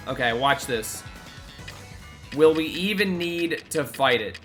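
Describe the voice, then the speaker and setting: A man with a bright, forceful voice talks through a live game stream, chatty and reactive. Faint music plays underneath him. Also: a little high, animated, unhurried. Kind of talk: casual gameplay commentary.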